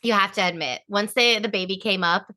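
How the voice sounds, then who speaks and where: A woman's voice: mid-range voice, a little fast, pushed and bright. A woman co-hosting a podcast, chatting casually and animatedly about an episode, laughing easily and swearing now and then. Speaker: podcast co-host. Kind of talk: casual recap chat.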